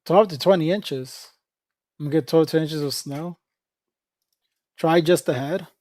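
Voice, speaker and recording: A man's voice: on the high side, measured pace, darkish tone, dry recording. Dry-voiced man rambling on a livestream. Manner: rambling, profane, laughs often. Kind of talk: casual livestream chat.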